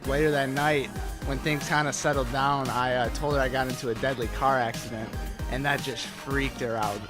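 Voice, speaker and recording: A man's voice: medium pitch, fairly even intonation, moderate pace, over music. A young man casually recounting a prank with amusement. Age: young adult. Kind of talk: casual anecdote.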